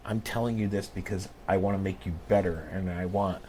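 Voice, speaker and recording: A man's voice: sits low, fairly even intonation, brisk, darkish tone, a little hiss or hum. A man co-hosting a podcast, talking earnestly and emphatically in a candid conversation. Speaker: podcast co-host.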